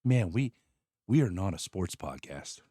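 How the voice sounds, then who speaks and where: A man co-hosting a casual podcast from a converted garage, laid-back and quick with short agreeing replies. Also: low-pitched, big pitch swings, mellow, dry recording, clean studio sound. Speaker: podcast co-host. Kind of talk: casual chat.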